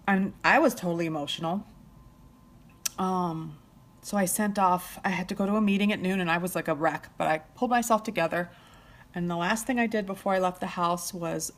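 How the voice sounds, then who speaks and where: A middle-aged woman chatting on a live stream while doing her makeup, heartfelt and at times tearful, often trailing off soft. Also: medium pitch. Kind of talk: emotional live chat. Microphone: phone or webcam live stream.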